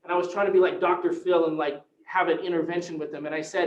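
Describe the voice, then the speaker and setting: Man, sales trainer, animated coaching talk, high voice, roomy room sound. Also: quick pace, hardly any pauses, lo-fi sound, crowd noise. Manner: energetic, acts out phone conversations with excited voices. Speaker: real estate team leader and sales trainer.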